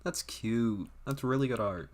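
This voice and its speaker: A man's voice: medium pitch, measured pace. A young man streaming a game, chatting to viewers in a rambling, offhand and profane way. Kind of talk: casual livestream chat.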